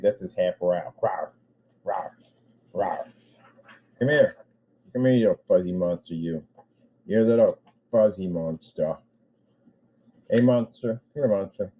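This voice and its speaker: A man's voice: lowish voice, mellow, slightly rough. A man vlogging casually from an office room, rambling and chatting to himself and his pet.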